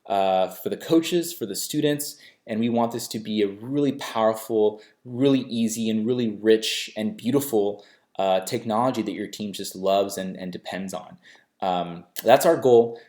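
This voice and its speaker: A man walking through a software dashboard in a casual tutorial, talking loosely with many fillers and restarts. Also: on the low side, normal speed. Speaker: software company representative giving a tutorial. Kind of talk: screen-share tutorial walkthrough.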